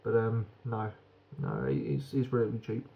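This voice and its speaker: A man's voice: fairly low pitch, big pitch swings, a little fast, gravelly, dull audio. A British man giving a frank, rambling beer review that swears casually.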